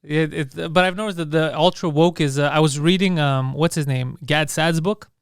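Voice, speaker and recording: A man hosting a podcast in casual chat, with rapid, laughing banter. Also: a little high, fairly even intonation, smooth, no room sound, clean studio sound. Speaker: podcast host.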